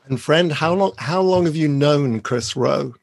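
A man's voice: on the high side, a little slow, vocal fry. A man hosting a casual interview, enthusiastic and given to repeated short reactions. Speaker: interviewer host.

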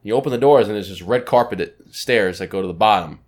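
Casting: male podcast co-host, low voice, relaxed and descriptive. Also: quick pace. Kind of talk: casual chat.

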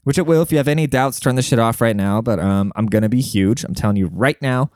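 A man hosting a solo podcast in a brash, rambling, profane way, full of fillers, jumping up in pitch when he quotes people. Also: fast, a little mellow, clear, resonant tone, no echo, clean studio sound. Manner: jumps high in pitch when acting out quotes. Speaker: podcast host. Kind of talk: casual solo podcast monologue.

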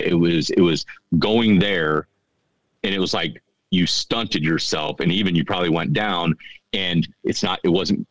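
A middle-aged man telling a story on a podcast in a halting, earnest way, often repeating his words. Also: sits low, no room sound, low-quality recording. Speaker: podcast guest. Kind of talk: casual storytelling.

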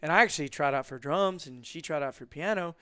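A man telling stories casually as a guest, acting out quotes in lively bursts. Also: quick pace, clear, resonant tone, no echo, studio quality. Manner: animated, acts out quotes with big jumps in pitch. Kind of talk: casual storytelling.

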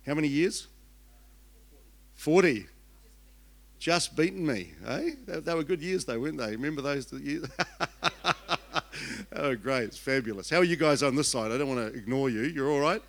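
Chatty older Kiwi pastor, joking. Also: male voice, medium pitch, lively intonation, moderate pace, long pauses. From New Zealand. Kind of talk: sermon.

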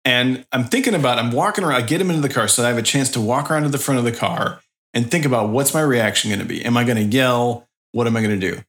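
Male co-host, mid-pitched, easygoing self-mocking storyteller. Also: fast talker, a bit bright. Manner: self-deprecating, rambling anecdotes. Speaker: podcast co-host. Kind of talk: casual storytelling.

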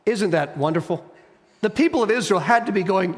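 A man preaching an expository sermon, reading scripture and retelling stories in an animated, emphatic, conversational way. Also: sits high, fairly quick. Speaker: pastor. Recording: reverberant church hall.

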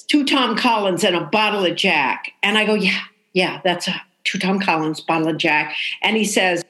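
Older woman telling a lively anecdote. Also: medium pitch. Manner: animated, acts out the people she quotes. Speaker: guest telling a story. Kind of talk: casual storytelling.

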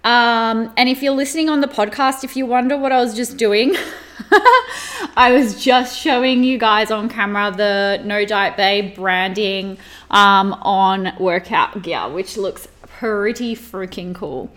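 A woman, hosting a live podcast stream and gushing excitedly to her viewers, full of fillers and exclamations. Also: mid-range voice, unhurried. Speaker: podcast host and mindset coach. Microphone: camera mics on a live stream.

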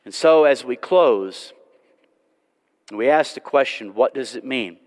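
A man's voice: mid-range voice, animated, slow pace. Man, pastor giving a Sunday sermon, earnest pleading delivery, long church reverb. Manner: pleading, earnest, swings from loud to hushed. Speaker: preacher. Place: church sanctuary.

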